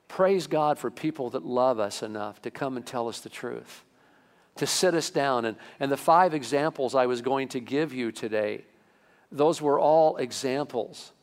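Male pastor, preaching a sermon, animated emphasis, long church hall reverb. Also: mid-range voice. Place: church sanctuary.

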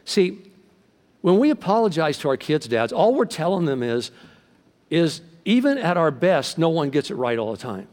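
A man's voice: a little high, moderate pace. Middle-aged male pastor preaching in a reverberant hall. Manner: animated storytelling, acting out quoted voices. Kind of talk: sermon. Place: large church hall. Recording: long reverb from a large hall.

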